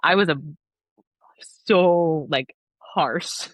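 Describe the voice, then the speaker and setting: A young woman from Texas, a podcast guest, earnestly telling a personal story in a casual interview, animated and laughing often. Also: fairly low pitch, drawn-out words, no echo.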